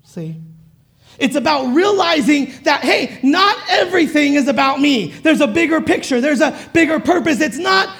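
A woman preaching a sermon in a loose, conversational way, chuckling often as she draws the congregation in. Her voice sits high, with a gravelly edge running through it. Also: lively intonation, normal speed, fairly bright tone.

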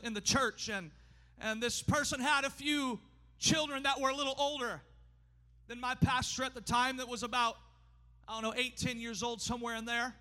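In a church sanctuary with long, hall-like reverb, a man with a high, piercing, bright voice delivers an emphatic sermon. He frequently rises to shouts, then slows down to let points land, his tempo shifting fast and slow.

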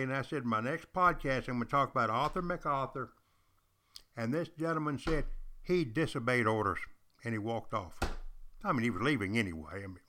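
An older man hosts a podcast with the air of a longtime teacher, retelling history stories. He speaks to his listeners directly, repeating his key points for emphasis, in a voice of ordinary pitch for a man. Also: pushed and bright. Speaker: podcast host. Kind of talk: storytelling history lecture.

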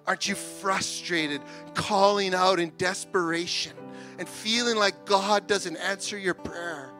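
A male pastor preaching a sermon with passion, moving from soft, quiet stretches to loud, rising appeals. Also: high voice, fairly even intonation, measured pace, soft background music.

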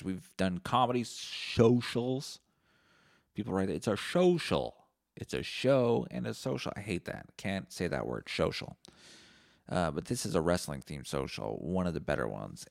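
Man, podcast host, very deep voice, swinging intonation, profane rambling jokes. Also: vocal fry, dry recording, clean studio sound. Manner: rambling, profane, jokey storytelling. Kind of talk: solo comedic podcast monologue.

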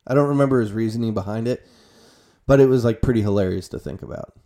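A young man rambling casually to his viewers in a loose, profane monologue, often trailing off quietly at the ends of phrases. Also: fast talker. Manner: gets loud and high when retelling his own panicked reactions. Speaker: vlogger.

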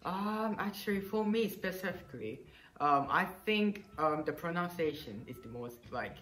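A man's voice: high voice, expressive, moderate pace, a bit bright, echoey room, poor audio. A Japanese man who speaks English with a Japanese accent, talking as an interview guest in a hesitant way, with many fillers and easy laughs. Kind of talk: casual conversational interview.

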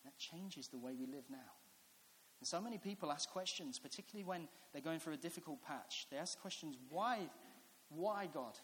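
A man's voice: a little high, fairly quick, a bit bright. A man, preaching a sermon in a chatty storytelling way that builds to earnest reflection. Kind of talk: sermon with personal stories. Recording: echoey hall with faint hiss.

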